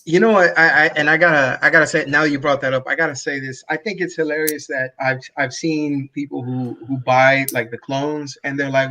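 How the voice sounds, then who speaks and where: A man's voice: fairly high pitch, fairly quick, hardly any pauses, pushed and bright. Casual, profane male guest storyteller. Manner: loose storytelling, swears. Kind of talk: casual chat.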